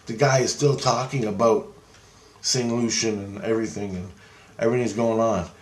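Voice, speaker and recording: A man telling a rambling personal story, swearing freely and getting excited. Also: fairly low pitch, normal speed, echoey room. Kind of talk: casual anecdote.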